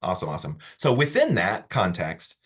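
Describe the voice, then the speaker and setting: Husky, animated male instructor. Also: low voice, brisk. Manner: animated, storytelling, self-interrupting. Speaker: college instructor. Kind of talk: classroom lecture. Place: classroom.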